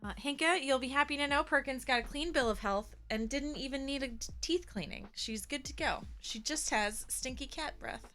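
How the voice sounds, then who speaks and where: A woman's voice: high voice, normal speed, few pauses, sharp tone. A young woman hosting a casual livestream chat from her desk at home on a webcam. She is chatty and playful and coos to her cat. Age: young adult. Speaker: livestream host.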